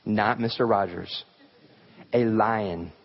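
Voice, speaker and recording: A man's voice: fairly low pitch, slow, gravelly, lo-fi sound. A man preaching a sermon, telling folksy stories with humor and lots of fillers. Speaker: pastor.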